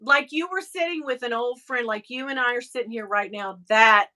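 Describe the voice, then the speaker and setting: A woman hosting a live stream. She chats casually and tells animated stories, once a radio interviewer. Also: fairly high pitch, normal speed. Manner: chatty, animated storyteller with frequent laughs. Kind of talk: casual chat.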